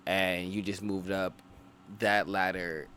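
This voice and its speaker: A man co-hosting a podcast, talking through his views in a measured way with many restarts. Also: deep voice, flat delivery, bright, forceful tone, a little hiss or hum. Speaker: podcast co-host. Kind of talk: casual podcast chat.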